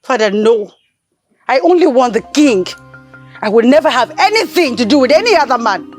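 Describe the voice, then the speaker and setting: A woman's voice: fairly high pitch, big pitch swings, normal speed, soft background music. An actress with a Nigerian accent playing a willful young daughter who defies her father. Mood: defiant. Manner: insistent and defiant. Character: willful, lovesick young girl. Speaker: chief's daughter.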